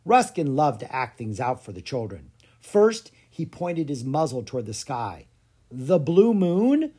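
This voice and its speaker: An audiobook narrator giving an expressive storybook reading. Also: medium pitch, moderate pace, slightly rough.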